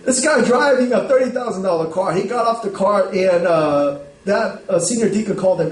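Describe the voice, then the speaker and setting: A man's voice: high-pitched, lively intonation, normal speed, darkish tone, slight background noise. A male pastor preaching a sermon in a conversational storytelling way, often checking in with "right?". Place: church sanctuary. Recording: roomy hall, voice from a distance.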